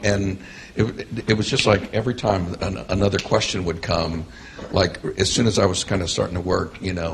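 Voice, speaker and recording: Deep gravelly man, halting speech. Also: steady tone, a little hiss or hum. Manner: halting, searching for words. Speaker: workshop participant. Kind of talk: sharing an experience in a Q&A.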